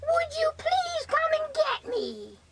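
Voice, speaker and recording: A frail old man for a homemade comedy skit. His squeaky, very high voice whimpers and pleads. It is heard from a distance. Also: animated, slow, creaky, very noisy, exaggerated voice. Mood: pleading. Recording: voice far from the mic.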